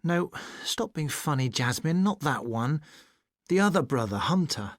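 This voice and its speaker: A woman's voice: sits low, big pitch swings, unhurried, no echo, clean studio sound, heavily acted. A woman acting a jealous, insecure young man in a textbook dialogue, gloomy and accusing. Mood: sulky.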